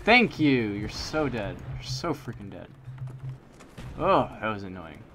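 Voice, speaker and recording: A man's voice: fairly low pitch, sing-song, measured pace, background noise. A young man giving live commentary over a shooter game, swinging between muttered complaints and sudden frustrated outbursts at enemy campers. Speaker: gameplay commentator. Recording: game gunfire behind voice. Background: loud shooter game sounds, gunfire.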